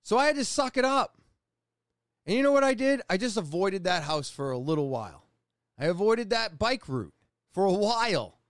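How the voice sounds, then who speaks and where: A man in his forties from New England telling a personal story in a casual, profane, animated way, often restarting his sentences. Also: high voice, normal speed, no echo, clean studio sound. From New England, USA. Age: 40s.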